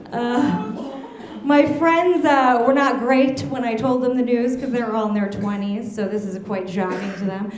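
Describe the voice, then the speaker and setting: A young woman doing a stand-up comedy set, telling stories with a deadpan edge and laughing at her own jokes. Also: fairly high pitch, takes it slowly, pauses often, crowd noise. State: heavily pregnant. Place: comedy club stage. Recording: roomy club echo.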